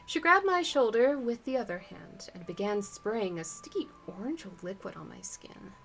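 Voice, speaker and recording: A woman streamer reading a book aloud live, with chatty, relaxed asides to her viewers. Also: mid-range voice, moderate pace, a little hiss or hum.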